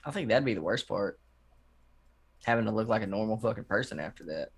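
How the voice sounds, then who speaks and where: Animated, swearing Texan podcast co-host. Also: male voice, fairly low pitch, a little fast, creaky, breathy edge. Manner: profane, joking, animated. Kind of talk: casual wrestling chat.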